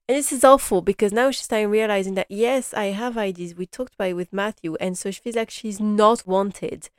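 A woman in her young adult years hosting a casual recap of a TV drama, chatty and rambling, gushing and animated. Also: mid-range voice, fairly quick, hardly any pauses, smooth, no room sound, clean studio sound. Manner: chatty and rambling, many "like" and "you know" fillers.

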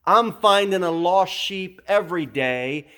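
A man voicing a confident male teacher who challenges his critics in an emphatic, casual, rhetorical way, pitched high and loud. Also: expressive, measured pace, heavily acted. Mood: challenging.

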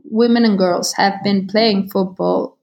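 Woman, measured. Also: medium pitch, steady tone, creaky, a little mellow, muffled recording. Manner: measured, with many filler pauses and tag questions. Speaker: football league executive, guest. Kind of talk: interview answers.

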